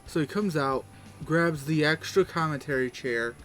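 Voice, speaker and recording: A man's voice: fairly high pitch, moderate pace, fairly bright tone. A man casually recapping the week's events, rambling and loosely quoting people as he goes. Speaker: wrestling recap host. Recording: faint background music.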